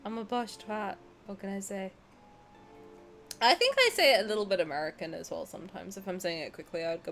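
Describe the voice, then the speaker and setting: A woman's voice: medium pitch, expressive, fairly quick, a bit bright, faint music behind. A young Southern English woman streaming a game, chatting casually in a bubbly, giggly, self-mocking way. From South of England.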